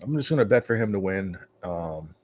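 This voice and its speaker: A man's voice: low voice, expressive, moderate pace, darkish tone, a little hiss or hum. A man co-hosting a podcast, chiming in on live fight commentary with brief, laid-back replies. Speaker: podcast co-host.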